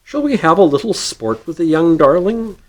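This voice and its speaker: A man's voice: fairly high pitch, sing-song, normal speed, pitched above the performer's own voice, low-quality recording. A man voicing a big, good-tempered male outlaw who teases a stranger in a storybook reading. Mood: gleeful. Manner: mocking, boisterous.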